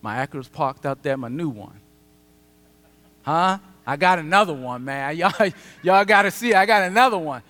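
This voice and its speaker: Man, pastor, sermon, high voice, animated storytelling, long reverb of a sanctuary. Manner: conversational, animated, dramatic pauses. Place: church sanctuary. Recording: long church hall reverb.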